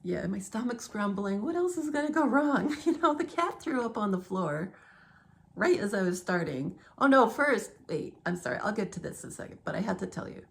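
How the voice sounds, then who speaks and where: A woman's voice: mid-range voice, expressive, brisk, gravelly. A middle-aged woman vlogging at home in a rambling, digressive monologue, laughing often as she talks.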